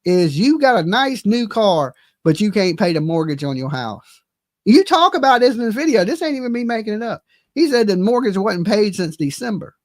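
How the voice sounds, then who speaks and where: Male commentary host, high voice, profane and mocking, dry sound. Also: big pitch swings, normal speed, no room sound. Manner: mocking, profane, laughing often. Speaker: commentary streamer. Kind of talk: casual reaction commentary.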